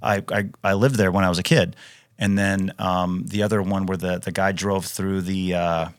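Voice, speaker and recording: Speaking as a podcast guest, this Wisconsin man in his thirties, a retired Navy SEAL, tells casual stories in a low voice with little pitch movement at a moderate pace. He's emphatic, keeps restarting sentences, leans on fillers and says "dude" a lot. The recording is dry and close, with no room sound.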